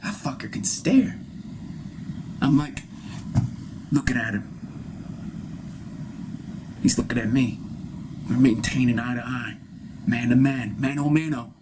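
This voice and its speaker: Rambling, profane man improvising over steady noise. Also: medium pitch, a little slow, pauses often. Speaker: improv performer. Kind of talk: improvised comic monologue. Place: live-streamed solo performance.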